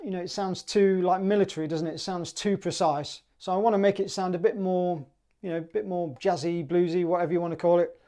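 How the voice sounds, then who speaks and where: Chatty British clarinet teacher, mellow tone. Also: male voice, high-pitched, fairly even intonation, fast talker. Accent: British English. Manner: chatty, sings rhythms in syllables. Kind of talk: relaxed music tutorial.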